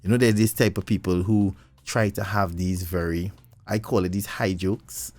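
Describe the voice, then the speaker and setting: A man co-hosting a casual talk show, animated and laughing often as he makes his points. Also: sits low, normal speed, no echo. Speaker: podcast co-host. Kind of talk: casual conversation.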